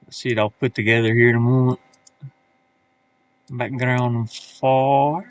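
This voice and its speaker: A man talking slowly and unhurriedly in a casual live stream, half to himself as he works. He mutters and thinks aloud, trailing off with fillers. His voice sits at an ordinary middle pitch. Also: flat delivery, muffled recording. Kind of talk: casual live-stream commentary while working. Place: his van.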